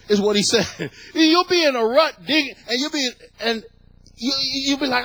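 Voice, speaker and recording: A middle-aged male pastor preaching a sermon, building to fervent shouts and repeating phrases for emphasis. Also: very high voice, lively intonation, moderate pace, no echo, rough recording.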